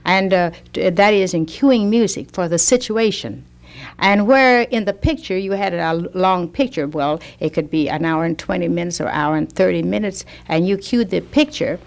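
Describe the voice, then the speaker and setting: Older southern lady telling stories on a radio show, gentle and dry-witted. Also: on the low side, moderate pace. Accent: Southern American. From American South. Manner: gentle storytelling with dry wit. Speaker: guest organist. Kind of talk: radio interview.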